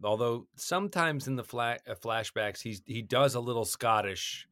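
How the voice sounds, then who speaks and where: A man co-hosting a casual movie discussion, animated, with acted-out reactions. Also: mid-range voice, moderate pace, no room sound, clean studio sound. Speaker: podcast co-host.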